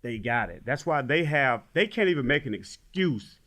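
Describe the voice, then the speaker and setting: A man's voice: medium pitch, big pitch swings, normal speed, a bit bright. A man talking as a podcast guest about his mentoring work, earnest and street-casual, tagging his sentences with "man". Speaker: guest, youth mentoring program founder. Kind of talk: casual conversational interview.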